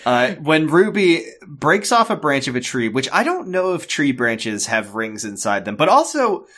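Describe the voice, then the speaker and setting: Animated, jokey man on a podcast. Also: fairly high pitch, a little slow. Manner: animated, jokey, laughs often, acts out characters. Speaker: podcast co-host. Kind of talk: casual chat recapping an episode.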